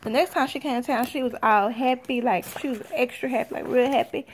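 A woman's voice: a little high, a little fast, slight background noise. A woman vlogger telling a personal story in casual chat, talking straight to her viewers. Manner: chatty, addresses viewers directly.

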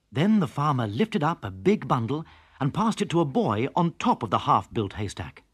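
A storyteller reading a children's story aloud in a dramatic, expressive way. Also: breathy edge, no echo, studio quality. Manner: very expressive, dramatic swings in pitch. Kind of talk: scripted children's story narration.

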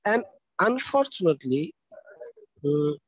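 Man lecturing, slightly husky voice. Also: high voice, sing-song, a little slow, no room sound, low-quality recording. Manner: explanatory, checks understanding with frequent "okay?"; spells out words letter by letter. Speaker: university lecturer. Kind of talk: live online lecture.

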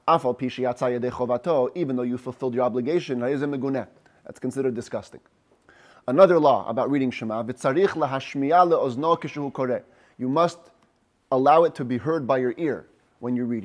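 A man, a rabbi, giving a text study class, reading Hebrew phrases slowly and explaining each one in English. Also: medium pitch, darkish tone.

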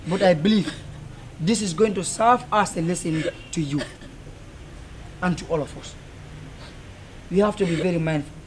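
A man's voice: sits high, moderate pace, long pauses, lightly acted. A man playing a moralizing fatherly elder. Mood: reassuring, lecturing. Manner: moralizing, reassuring, repetitive. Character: fatherly elder preaching to parents and youth. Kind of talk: low-budget film drama. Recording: noisy location audio.

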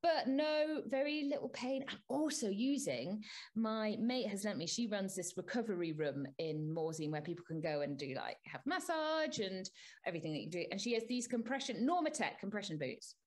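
A woman co-hosting a podcast in casual chat, telling an exasperated story with animated energy. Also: mid-range voice, normal speed. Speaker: podcast co-host.

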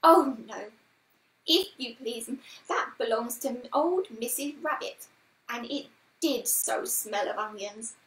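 A woman's voice: fairly high pitch, slow, a bit bright, echoey room, distant mic, poor audio. A woman voicing a kindly, fussy old hedgehog washerwoman in a storybook, chatty and homely. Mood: chatty, fussing.

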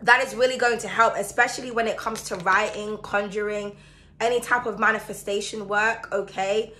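Bright-voiced Caribbean woman reading tarot. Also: mid-range voice, steady tone, moderate pace, a little hiss or hum. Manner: chatty, emphatic, addresses viewer directly. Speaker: tarot reader.

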